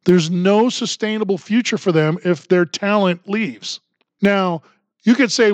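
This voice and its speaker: A man's voice: sits high, a little slow, no room sound. A man hosting a political commentary podcast, ranting in a sarcastic tone. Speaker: podcast host.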